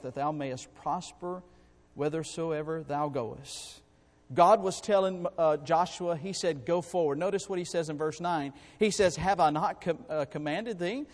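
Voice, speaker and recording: High-voiced preacher in an echoing hall. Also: male voice. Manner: swings between loud exhortation and quiet asides; reads scripture in slow, drawn-out phrases. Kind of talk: sermon. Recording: long hall reverb.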